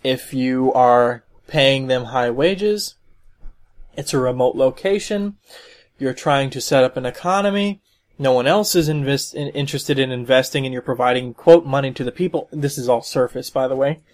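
Rambling male podcast host, mid-pitched. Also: normal speed. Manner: rambling, many fillers and restarts. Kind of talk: solo podcast commentary.

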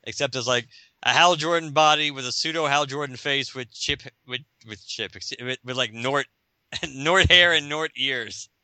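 Male podcast host, animated comic recap, very bright tone, dry close mic. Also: medium pitch, moderate pace, no room sound. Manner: animated, laughing, acting out scenes. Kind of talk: casual comic-book recap.

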